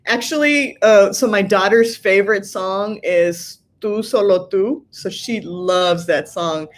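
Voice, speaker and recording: A woman's voice: mid-range voice, a little slow, hardly any pauses. A middle-aged woman hosts a casual livestream from home and reads viewer comments aloud. She sounds tired but stays chatty, laughs often and fills her talk with "like" and "you know". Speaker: livestream host. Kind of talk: casual live chat reading viewer comments.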